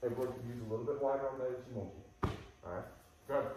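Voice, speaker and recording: A male martial arts instructor talks his class through drills in a loose, chatty way, with sudden loud bursts. His voice sits at an ordinary middle pitch. It comes from a distance and bounces around a big echoey training hall. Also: very fast. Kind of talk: coaching a class. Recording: roomy hall, voice from far off.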